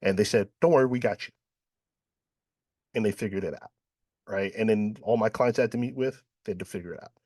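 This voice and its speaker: A man's voice: on the low side, brisk, pauses often, darkish tone, dry recording, clean studio sound. A man from New York hosting a panel, telling a personal story and acting out the dialogue. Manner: storytelling, acts out quoted dialogue, frequent "right?". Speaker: panel host. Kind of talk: panel discussion.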